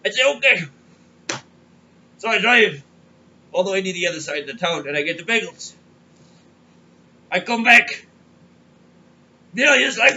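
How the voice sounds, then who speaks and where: A man's voice: high-pitched, lively intonation, normal speed, pauses often, bright, forceful tone, a little hiss or hum. A man hosting a comedic crypto show, rambling and kvetching as he tells stories. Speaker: podcast host. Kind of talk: comedic crypto market monologue.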